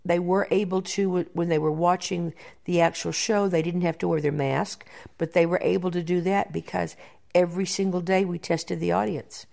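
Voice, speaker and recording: Gravelly-voiced woman producer telling stories. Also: fairly low pitch, moderate pace. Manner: animated storyteller, repeats words while thinking. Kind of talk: interview conversation.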